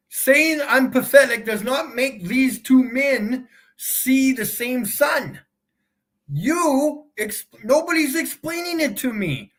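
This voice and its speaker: A man hosting a live stream, taunting his chat in a mocking tone and laughing often. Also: very high voice. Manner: slow, drawn-out delivery with big swings in loudness. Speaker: livestream host.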